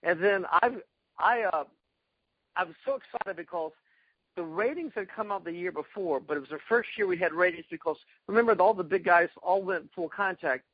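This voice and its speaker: A man being interviewed, telling excited stories about past fights and acting out quotes. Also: high voice, a little fast, husky, no echo, highs cut off. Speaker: guest, karate fighter. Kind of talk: animated storytelling interview.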